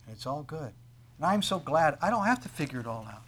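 This middle-aged male pastor's voice is husky and fairly high, and he talks fairly quickly and very animatedly. His sermon swells to loud, soaring emphasis on scripture, then settles into a quiet, personal tone.

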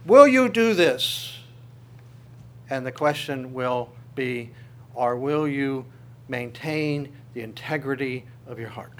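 A man's voice: mid-range voice, a little hiss or hum. A male pastor preaching a sermon, reading scripture aloud with his own commentary and asking the congregation rhetorical questions.

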